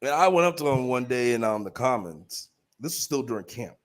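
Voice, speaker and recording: A man co-hosting a podcast in casual chat, telling stories loudly and swearing a lot. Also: medium pitch, quick pace. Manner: loud, animated storytelling, swears a lot. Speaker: podcast co-host.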